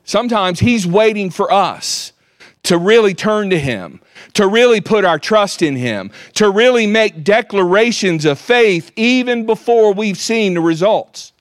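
A man preaching a sermon, reading scripture aloud with measured emphasis. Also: sits high, no room sound, studio quality.

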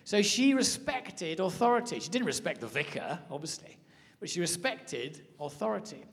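A man teaching a sermon, telling stories in an animated way. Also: high voice, moderate pace. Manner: storytelling, animated. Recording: hall reverb.

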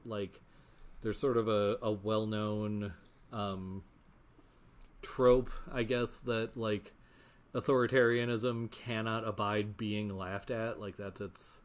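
A man's voice: on the low side, flat delivery, takes it slowly. A man in a casual book discussion, talking thoughtfully and searching for his words.

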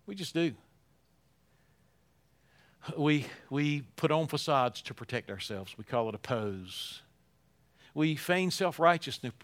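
An older man delivering an impassioned sermon, swinging between loud appeals and hushed asides and repeating words for emphasis. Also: medium pitch. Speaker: pastor.

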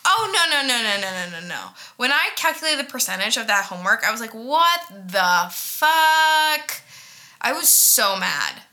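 A woman in her twenties chatting casually as a podcast co-host, animated and self-mocking, full of fillers and swearing. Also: on the high side, a little fast, hardly any pauses. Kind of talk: casual chat.

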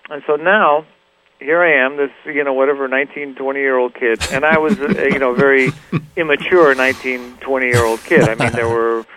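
Middle-aged man, guitarist guest, mid-pitched voice, loose, rambling storyteller. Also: normal speed, rough recording. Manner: relaxed, rambling anecdotes with many fillers and restarts. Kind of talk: casual interview storytelling.

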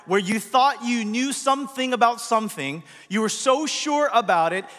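A pastor gives a conversational, chatty sermon in a church hall, asking the congregation questions, with the long reverb of a large hall. His voice is extremely high-pitched and animated, at normal speed with a fairly bright tone.

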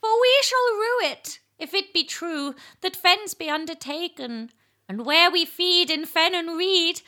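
Woman doing a male eel, theatrical verse recitation, lively swooping pitch, bright tone. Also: measured pace, exaggerated voice. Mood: quavering. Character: Edwin, a male lamprey eel lamenting his drained fens. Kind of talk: dramatic poem recitation.

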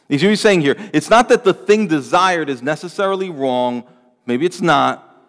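Male pastor, mid-pitched and earnest, preaching with a long hall echo trailing his words. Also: animated, normal speed. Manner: earnest, pleading, rising emphasis on lists. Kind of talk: sermon.

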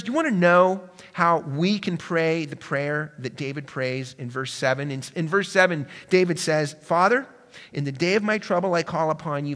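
Bright-voiced male preacher in a reverberant hall. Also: fairly high pitch. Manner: dynamic preaching, swings between hushed and emphatic. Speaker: pastor. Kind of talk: sermon.

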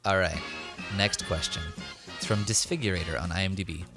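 A man co-hosting a casual film podcast, briskly running a quiz game. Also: deep voice, over music. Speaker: podcast co-host and quizmaster.

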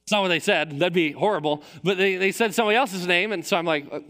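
A man's voice: high-pitched, fast, fairly bright tone. A man from Michigan preaching a sermon as pastor, telling a story with self-deprecating humor. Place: large church auditorium. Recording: long reverb of a church hall.

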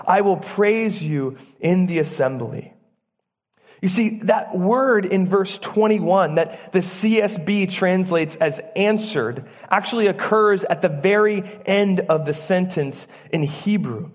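A man preaching a sermon in church, earnest and emphatic, using dramatic pauses. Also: sits high. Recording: long church reverb.

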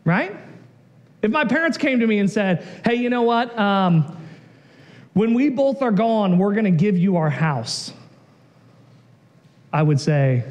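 A man in his thirties preaching a sermon in an animated, jokey way, often rising to a shout. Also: high voice, measured pace, long pauses, dull audio. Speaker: pastor.

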